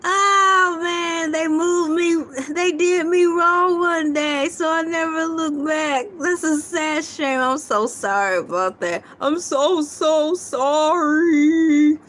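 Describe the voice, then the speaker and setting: Giggly high-voiced woman livestreaming. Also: takes it slowly, few pauses, a bit bright. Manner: giggly and playful, laughing often between lines; chatty, reads viewer comments aloud. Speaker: livestream host. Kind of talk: casual livestream chat.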